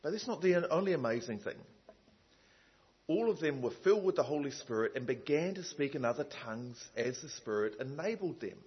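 Husky-voiced man preaching a sermon. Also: a little high, animated, a little fast, muffled recording. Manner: conversational, many fillers and asides.

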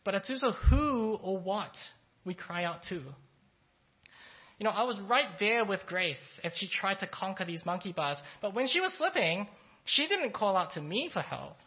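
A pastor giving a conversational sermon, telling a story in a relaxed, thoughtful way with frequent fillers. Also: mid-range voice, a little slow. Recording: slightly dull, lo-fi sound.

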